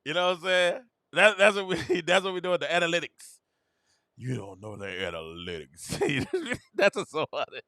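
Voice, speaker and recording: A man hosting a sports talk show, chatting casually, laughing often and breaking into high, mocking quotes. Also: fairly quick, bright, forceful tone, no echo, clean studio sound. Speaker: podcast host. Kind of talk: casual sports commentary monologue.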